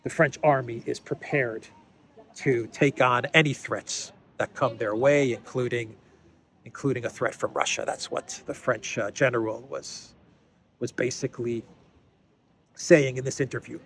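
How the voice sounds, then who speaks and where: A man's voice: medium pitch, fairly even intonation, unhurried, gravelly, fairly bright tone. A man hosting a casual political commentary show, talking in a conversational way, repeating words as he thinks and adding sardonic asides.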